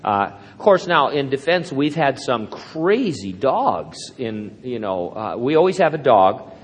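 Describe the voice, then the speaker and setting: Older male pastor, folksy and rambling, mid-pitched voice, long hall reverb. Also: very animated, a little slow, breathy edge. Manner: rambling, anecdotal, self-deprecating humor. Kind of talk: sermon.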